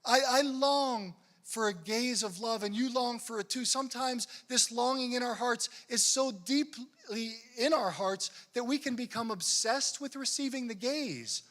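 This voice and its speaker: A high, bright male voice belongs to a young priest speaking at a conference. He jokes with the audience and slips into other people's voices to act out their lines. His stories carry the talk forward. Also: unhurried, few pauses. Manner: animated storytelling, acts out people's lines. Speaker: Catholic priest. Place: conference hall.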